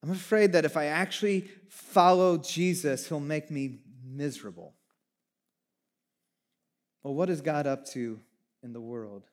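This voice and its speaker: High-pitched guy pastor preaching a sermon, goes quiet then loud, really animated. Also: measured pace, long pauses. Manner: animated, swings from hushed to near shouting.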